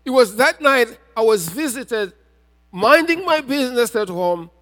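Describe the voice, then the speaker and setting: A man preaching a sermon as a pastor, telling a personal testimony and building to shouted appeals. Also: very high voice, animated, measured pace. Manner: testimony told with rising intensity, often shouting. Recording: reverberant hall.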